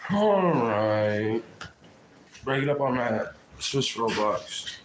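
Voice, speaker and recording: A man's voice: medium pitch, lively intonation, drawn-out words, noisy background. A man hosting a casual livestream, talking in slangy, profane chat and calling everyone bro. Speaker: livestream host. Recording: echoey room.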